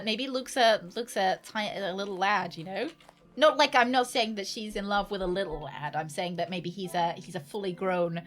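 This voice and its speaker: A woman's voice: medium pitch, a bit bright. Giggly woman streaming a game. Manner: giggly, rambling, jokey asides. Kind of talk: gaming livestream commentary.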